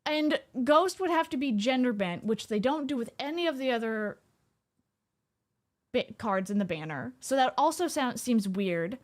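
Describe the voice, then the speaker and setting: An excitable woman streamer, chatting casually from home as she reacts to a game. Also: on the high side. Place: home room.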